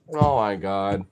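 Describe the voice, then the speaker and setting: Against a little background noise, a medium-pitched vlogger rambles through a casual chat. Fillers like "you know" and "like" pile up as they tease their pets and curse at them in fun.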